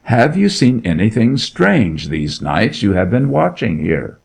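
A man playing a grim, gravelly duke. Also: on the low side, big pitch swings, unhurried, full character voice. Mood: commanding. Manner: cold, commanding interrogation. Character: grim, menacing nobleman, a middle-aged duke.

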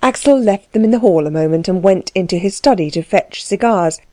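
A woman reads a novel aloud in a measured, even way, close to the mic. Her mid-pitched voice is mellow and soft-edged, and the recording is dry with no room sound. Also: dry recording. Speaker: audiobook reader. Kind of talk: scripted narration.

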